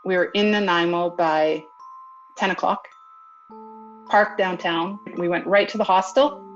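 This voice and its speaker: Woman with a lowish voice telling her story, acts out other people's lines, dull lo-fi sound. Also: steady tone, unhurried, faint music behind. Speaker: interviewee recounting events. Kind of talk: casual storytelling interview. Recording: dull lo-fi recording.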